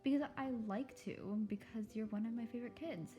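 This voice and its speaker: A woman reading a children's chapter book aloud, voicing the teen heroine in a warm, lively way. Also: a little high, fairly quick. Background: music.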